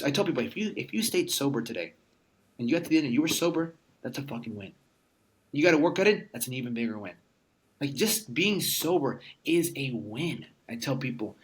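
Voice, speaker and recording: A man in his thirties, a podcast guest in casual conversation, telling stories emphatically and swearing freely. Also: medium pitch. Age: 30s. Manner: emphatic, profane storyteller.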